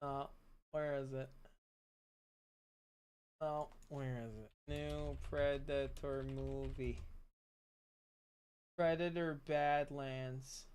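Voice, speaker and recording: A man's voice: medium pitch, little pitch movement, very slow, long pauses, darkish tone, clean tone. A young man streaming live, chatting casually with lots of swearing and filler words while he plays. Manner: casual and profane, rambling with many fillers. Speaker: livestream streamer. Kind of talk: casual livestream chat while gaming. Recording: music playing behind the voice. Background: music.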